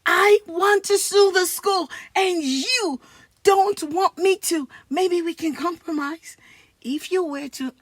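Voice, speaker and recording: A woman reading a funny children's comic aloud in an expressive voice, often laughing as she does the character voices. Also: extremely high pitch, no room sound. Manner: slow, expressive read-aloud. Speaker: children's book reader.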